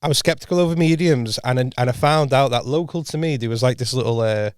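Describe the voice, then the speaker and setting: A man's voice: mid-range voice, fast, clear, resonant tone, no room sound, clean studio sound. Rambling young man telling a story. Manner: rambling, many restarts, acts out quoted voices. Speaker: podcast co-host. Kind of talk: casual storytelling chat.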